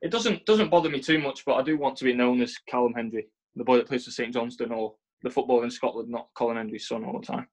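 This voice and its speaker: A man's voice: medium pitch, fast, few pauses, a little mellow. A young man with an English accent, a footballer answering interview questions earnestly, often repeating and restarting his words. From England. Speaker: professional footballer, interview guest.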